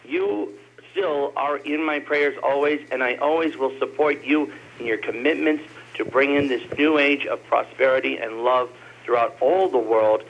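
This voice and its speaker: An earnest man calls in from New Jersey, his voice gravelly and fry-laden. He speaks in formal, heartfelt well-wishes, and the phone line sounds muffled and lo-fi. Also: medium pitch, normal speed, slight background noise. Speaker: caller. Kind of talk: phone-in call to a radio show.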